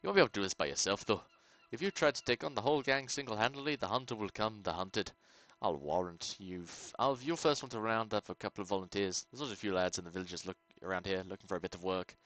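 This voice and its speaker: A man voicing a worried townsman from a game who persuades a stranger to rescue his brother, in a put-on accent and a measured, coaxing manner. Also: on the low side, a bit bright, natural voice, poor audio. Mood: persuasive. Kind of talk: reading game dialogue aloud.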